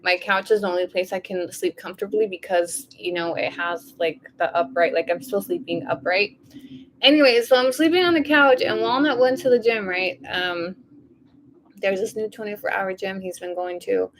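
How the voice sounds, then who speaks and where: A woman vlogger in a casual diary vlog, tired and low on energy, rambling with lots of fillers and speaking openly about her feelings. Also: moderate pace, a little hiss or hum. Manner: openly emotional, confiding.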